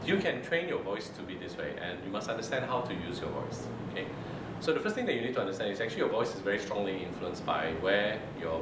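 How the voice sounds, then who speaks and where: A male lecturer giving a calm, measured talk to students, often checking in with "okay?". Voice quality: low, mid-range voice. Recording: roomy echo, far from mic, loud air-con hum.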